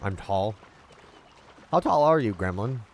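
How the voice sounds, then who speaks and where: A man's voice: on the low side, animated, unhurried, a little hiss or hum. A man chatting casually on a game livestream, playful and rambling, swearing freely as he talks to his chat. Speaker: streamer.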